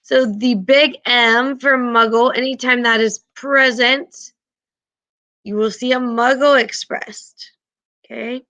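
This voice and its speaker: A woman's voice: a little high, fairly even intonation, slow pace, sharp tone, dull audio. A woman teaching a class, patiently explaining and often checking in with her students.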